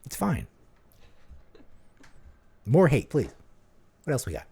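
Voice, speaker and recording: A man's voice: medium pitch, wildly swooping pitch, slow, vocal fry, mellow, slightly rough. A man co-hosting a podcast, chatting casually in a jokey, rambling way with lots of "like.". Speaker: podcast co-host. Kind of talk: casual chat.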